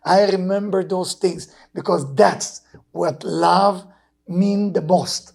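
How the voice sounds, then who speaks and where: A man in his sixties with an Israeli accent, a Kabbalah teacher giving an emotional sermon that swings between loud urging and low, hushed tones. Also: takes it slowly, creaky. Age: 60s. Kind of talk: impassioned sermon.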